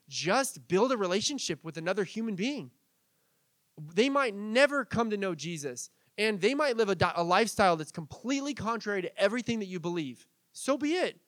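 A pastor from Southern California preaching a sermon in a casual, conversational way, full of asides. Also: male voice, high-pitched, a bit bright, no room sound.

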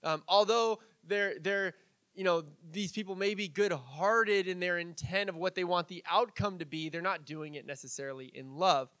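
High-voiced pastor preaching casually. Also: male voice, normal speed, a bit bright, dry recording. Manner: casual and chatty, with fillers and light laughs. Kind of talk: conversational sermon.

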